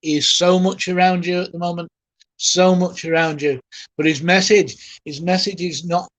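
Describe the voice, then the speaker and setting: A spiritualist medium with a high, steady voice gives a live reading, speaking gently and haltingly, often with emotion, while softly reassuring the person he addresses. There is no echo.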